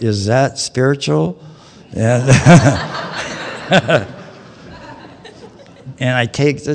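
A man in his fifties delivers a personal testimony at a recovery meeting. His voice sits low, and his storytelling is folksy and full of plain slang. The talk is captured live, with a long reverb from the hall around it. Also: a little mellow.

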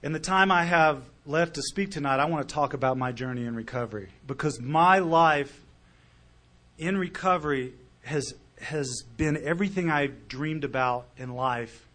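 A middle-aged man stands before a meeting and tells his recovery story in an earnest, heartfelt way. His voice sits a little above the usual male pitch, and he swings from quiet, close moments to loud, punchy lines. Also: moderate pace. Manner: earnest, emotional storytelling with big swings in loudness. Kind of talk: recovery talk to a live audience.

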